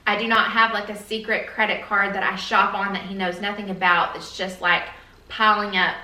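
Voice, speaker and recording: A woman's voice: mid-range voice, little pitch movement, normal speed, pushed and bright, recorded from a distance. Earnest woman vlogging in an echoey room. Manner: earnest, rambling with fillers. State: a little emotional. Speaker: beauty vlogger. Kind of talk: casual chat to camera.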